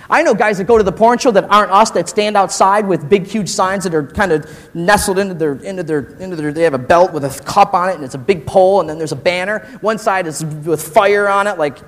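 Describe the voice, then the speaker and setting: A man's voice: high voice, a little fast, few pauses. Slangy male pastor in a reverberant hall. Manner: slangy and animated, says "dude" and "man" often. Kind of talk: casual sermon to college students.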